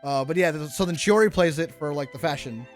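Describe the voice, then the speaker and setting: A man's voice: on the high side, brisk, soft background music. A young man hosting a casual gaming chat, talking in a loose, rambling way with restarts and the odd curse. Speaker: gaming YouTuber host.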